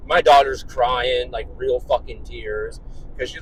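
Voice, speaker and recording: A man's voice: medium pitch, measured pace, a little hiss or hum, low-quality recording. A man telling an exasperated, profane story about his morning, ranting in his car. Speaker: vlogger and dad.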